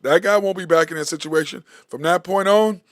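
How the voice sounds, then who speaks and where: A man's voice: high-pitched, a little fast, dry recording, studio quality. A sports talk host, rambling and venting his frustration in a solo commentary.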